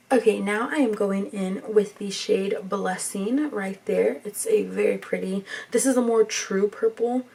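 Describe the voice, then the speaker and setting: A young woman, talking softly through a makeup tutorial in a rambling, near-whispered way. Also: medium pitch, creaky, breathy edge, distant mic. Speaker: beauty vlogger.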